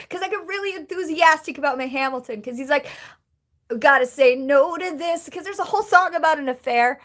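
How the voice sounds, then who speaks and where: A woman's voice: high-pitched, a bit bright. A young woman live streaming, chatting casually and rambling with lots of fillers and giggles as she thanks viewers.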